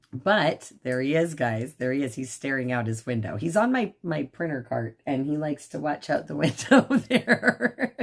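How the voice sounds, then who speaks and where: A woman hosting a casual livestream from her home. She rambles with many fillers and switches to high baby talk for her dog. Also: slight background noise. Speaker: livestream host. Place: at home indoors.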